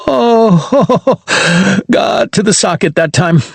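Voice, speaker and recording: A male narrator voicing an excitable young man in a science fiction audiobook, with strained, yelping outbursts. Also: high-pitched, slow, vocal fry, no room sound, voice pushed up, exaggerated voice. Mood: pained.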